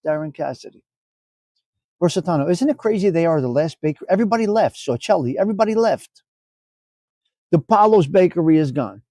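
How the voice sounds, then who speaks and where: A man's voice: on the high side, expressive, fairly quick, long pauses, mellow, no echo, studio quality. Profane joking man hosting a live stream. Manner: loose, profane, joking banter. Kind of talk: casual chat with live chat viewers.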